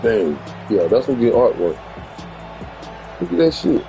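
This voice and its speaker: A man's voice: mid-range voice, sing-song, measured pace, vocal fry, dark tone, lo-fi sound, soft background music. A man streaming a football video game, chatting casually in loose slang, joking and trash-talking with plenty of swearing. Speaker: gaming streamer. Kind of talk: casual livestream chat while playing.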